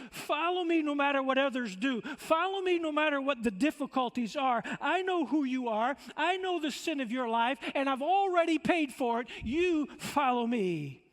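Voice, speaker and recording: A man preaching, voicing Jesus as a calm, firm man who quietly repeats short commands, heard with long church reverb. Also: very high voice, full character voice.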